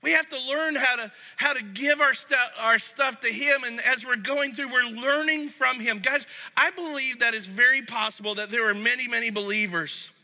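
A man preaching a sermon as pastor, talking to the congregation conversationally and going soft and low when he reads scripture. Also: moderate pace, few pauses. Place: church sanctuary. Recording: long reverb of a large hall.

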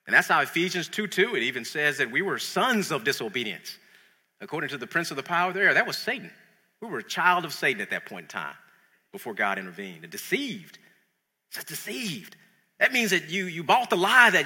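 A man delivers a lively, conversational sermon. His voice sits high and sounds piercingly bright, with a husky edge. A long hall reverb trails every phrase. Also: fairly quick. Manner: animated, conversational preaching with repeated words. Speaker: preacher.

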